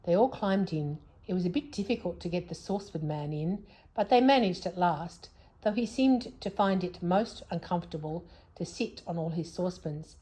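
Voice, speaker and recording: A woman reading a children's story aloud in an expressive, lively way. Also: lowish voice, moderate pace.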